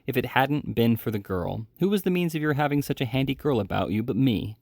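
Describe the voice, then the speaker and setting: A man's voice: mid-range voice, expressive, brisk, creaky, darkish tone, no echo, studio quality. A man reading aloud as a wary, submissive old male fence who soothes with ingratiating endearments. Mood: wheedling. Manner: ingratiating, calls others "my dear".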